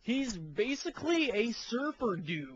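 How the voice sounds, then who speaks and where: Man voice actor, high-pitched, loose joking chat, distant noisy lo-fi mic. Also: sing-song, measured pace, fairly bright tone. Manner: loose, joking, mimics lines in passing. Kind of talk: casual behind-the-scenes chat.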